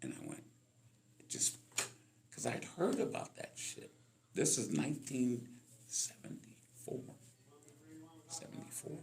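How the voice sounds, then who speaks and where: A man in his sixties from Los Angeles, a musician guesting on an interview podcast, tells stories and acts out the voices of the people he quotes. His medium-pitched voice swoops wildly, sounds creaky and a bit dark, and he takes it slowly with frequent pauses.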